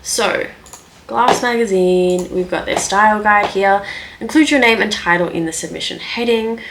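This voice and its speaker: A young woman chats her way through writing tips, thinking aloud and filling pauses with ums and likes. Her pitch sits in a middle range. A faint noise hangs under the recording. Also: a bit bright. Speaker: writing vlogger. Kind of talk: casual screen-share talk.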